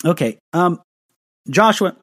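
Earnest man with a high, dry voice. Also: expressive, slow pace, a bit bright, dry recording. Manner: earnest, repeats himself, stammers on restarts. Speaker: pastor answering viewer questions. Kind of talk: live-stream Q&A.

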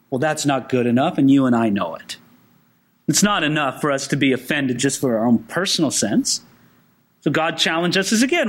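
Male preacher, high voice, very lively pitch, acts out quoted voices in the sermon. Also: moderate pace. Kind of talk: expository sermon.

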